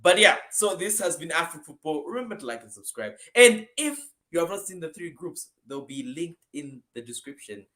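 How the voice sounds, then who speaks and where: A man co-hosts a casual football show over a video call, with a slightly raised voice. He talks energetically and with emphasis, punching some words loudly and dropping others low. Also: moderate pace, few pauses. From Zambia. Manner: energetic, emphatic, jumps between loud and soft. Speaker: co-host. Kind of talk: casual football prediction chat.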